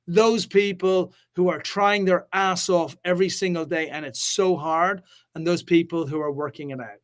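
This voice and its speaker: A man hosting a live business talk, hyped and fast-flowing, swearing casually and swinging between loud and quiet. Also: high-pitched, fairly even intonation. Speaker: host. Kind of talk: energetic live-stream chat.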